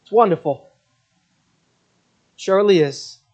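A man preaching a sermon who tells mission stories in an earnest, halting way, with many fillers. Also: sits high, a little mellow. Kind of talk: sermon with storytelling. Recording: dull lo-fi recording.

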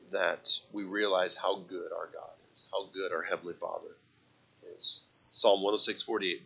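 A man preaching a sermon, swinging from loud impassioned passages to soft, quiet reflection and quoting scripture in old-fashioned wording. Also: low voice, steady tone, measured pace, gravelly, long pauses, husky, poor audio.

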